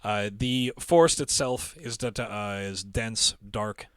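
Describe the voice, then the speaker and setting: A man narrating a live tabletop game as its game master, in halting bursts with frequent fillers and restarts. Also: fairly low pitch, clean tone, dry recording, studio quality. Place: online game stream.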